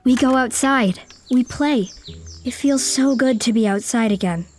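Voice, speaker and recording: A woman's voice: on the high side, measured pace, a little mellow, faint music behind, close to an everyday voice. A woman voicing an earnest, caring young girl who narrates her own story. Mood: wistful. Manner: earnest, determined. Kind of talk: audio drama narration.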